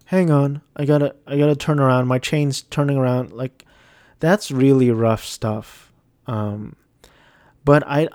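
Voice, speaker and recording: A man's voice: medium pitch, mellow, dry recording, studio quality. A man giving a casual, rambling movie review, hesitant and self-deprecating.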